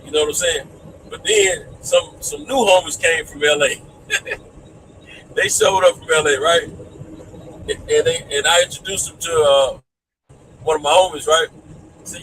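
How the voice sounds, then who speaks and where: A man's voice: fairly high pitch, normal speed, pauses often. A man chatting casually, rambling through a story with many fillers. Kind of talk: casual live chat. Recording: distant mic with street noise.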